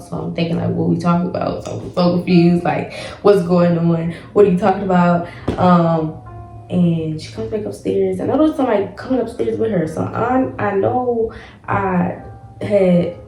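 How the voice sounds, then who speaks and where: A woman hosts her own podcast and talks through a personal story in casual chat. She rambles and circles back to the same phrases again and again. Her voice sits a little low with a soft, mellow tone, and it carries in an echoey room. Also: creaky, a little hiss or hum. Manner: rambling and repetitive, heavy use of "like". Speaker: podcast host. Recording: echoey room with faint music.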